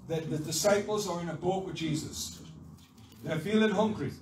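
A man preaching a fervent sermon as pastor, building to loud exhortation, recorded from a distance in a large church hall with the congregation answering. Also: high voice, normal speed, noisy background. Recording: echoey hall, voice from far off. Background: congregation responding.

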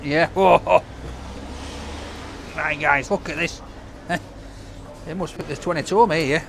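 Bloke with a high voice, banters with his cameraman outside a takeaway, faint street noise behind. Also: fairly even intonation, measured pace, vocal fry. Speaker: takeaway food reviewer. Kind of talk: casual vlog chat to camera.

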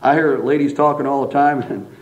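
A man preaching a sermon as pastor, in a folksy, animated manner full of asides. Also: medium pitch, fairly quick. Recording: dull lo-fi sermon recording.

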